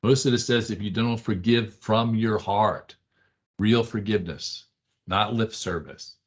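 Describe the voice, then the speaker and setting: Husky-voiced man teaching a Bible class. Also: lowish voice, unhurried. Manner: conversational, keeps asking the class "right?"; emphatic repetition of short phrases. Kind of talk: Bible study lesson. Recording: dull lo-fi classroom recording.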